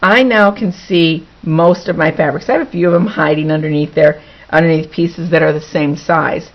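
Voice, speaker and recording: A woman's voice: sits low, steady tone, normal speed. A woman teaching a quilting lesson, talking through each step as she works and repeating words for emphasis. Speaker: quilting instructor. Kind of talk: hands-on sewing demonstration. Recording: dull lo-fi recording.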